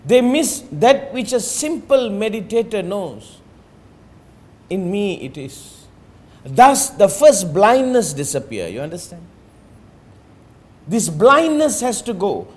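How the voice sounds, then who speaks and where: A man with a high-pitched voice gives a spiritual talk on meditation. His pitch swoops widely, and his delivery is emphatic and rhetorical. He stretches key words and often drops to a near-murmur. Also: sing-song, takes it slowly, pauses often. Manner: emphatic, rhetorical, repeats "you understand?". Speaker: meditation teacher.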